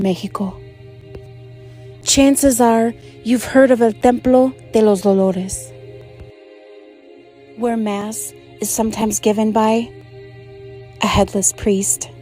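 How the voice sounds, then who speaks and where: A woman giving scripted narration of a spooky legend in a steady, measured way. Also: mid-range voice.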